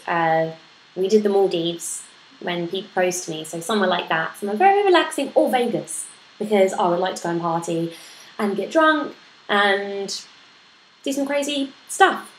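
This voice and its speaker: A woman vlogger answers a parenting tag, chatting casually to camera about motherhood and often laughing at herself. Her voice is expressive, medium in pitch, at a moderate pace. The room is echoey with faint noise.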